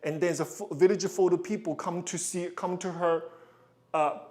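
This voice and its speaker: A man's voice: high-pitched, fairly even intonation, moderate pace. A man coaching a ballet student, counting rhythm aloud and explaining the character. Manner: counts rhythm aloud, sings da da cues, loud encouraging calls; explanatory, asks "you understand?". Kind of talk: live coaching session.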